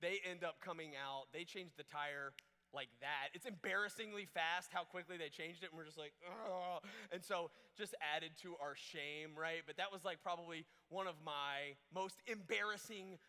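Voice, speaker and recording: A young man telling a funny story in a youth camp sermon, animated and jokey, acting out what people said. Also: a little high, moderate pace. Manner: animated, jokey, acts out quotes in different voices. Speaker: camp speaker. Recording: echoey hall reverb.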